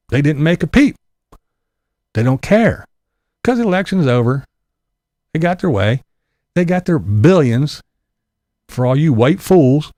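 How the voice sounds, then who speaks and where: Sarcastic man on a lively rant. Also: sits high, normal speed, pauses often, no room sound, studio quality. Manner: sarcastic and profane; mocking mimicry of others. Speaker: vlogger. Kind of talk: angry political rant.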